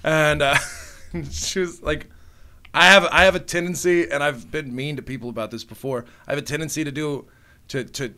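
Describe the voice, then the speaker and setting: A man with a bright, slightly high voice tells animated stories on a casual podcast. He laughs often and slips into quick impressions of the people in his stories. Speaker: comedian guest.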